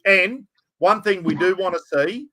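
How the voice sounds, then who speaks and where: Australian man, casual, laid-back, slightly higher voice, podcast host. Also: expressive, moderate pace, pushed and bright. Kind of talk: casual chat.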